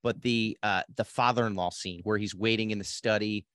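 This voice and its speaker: A man in a casual movie podcast, eager and a bit halting as he describes his favorite scenes. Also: lowish voice, fairly even intonation, fairly bright tone, clean tone, no room sound.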